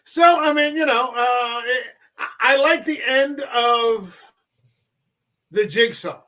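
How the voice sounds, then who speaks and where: A man's voice: very high-pitched, takes it slowly. A man hosting a casual film podcast, telling stories animatedly and swearing freely. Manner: animated, profane storyteller.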